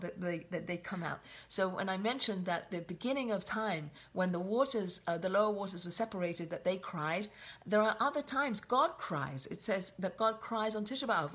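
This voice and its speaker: A woman teaching a weekly Torah portion in a reflective, unscripted way. She circles back on her phrases and restarts them as she thinks aloud. Her voice sits at an ordinary middle pitch for a woman. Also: fairly bright tone. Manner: reflective, with frequent restarts and repetition. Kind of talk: spoken Torah lesson.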